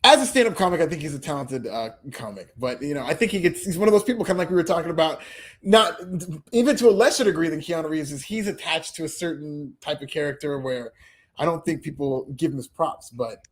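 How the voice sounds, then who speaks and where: Co-host, male, slightly high voice, relaxed opinions, laughs readily. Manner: easygoing, quick to laugh, opinionated. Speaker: podcast co-host. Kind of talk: casual chat.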